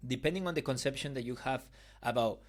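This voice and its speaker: A man's voice: medium pitch, fast talker. A man with a mid-range voice hosts a conversational podcast. He builds his argument step by step and keeps stopping to ask whether it makes sense. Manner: reasoning aloud, checks understanding often. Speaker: podcast host. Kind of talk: explanatory conversation.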